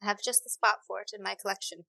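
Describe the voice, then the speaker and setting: A woman voicing a poised, seductive female art patron with a light Scottish accent, in a smooth, flattering, unhurried manner. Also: mid-range voice, no echo.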